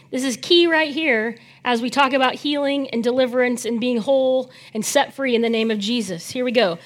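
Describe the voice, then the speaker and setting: Woman preaching with big swings in volume. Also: fairly high pitch. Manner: animated, swings between loud emphasis and soft near-whispers; chatty asides with the congregation. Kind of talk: sermon.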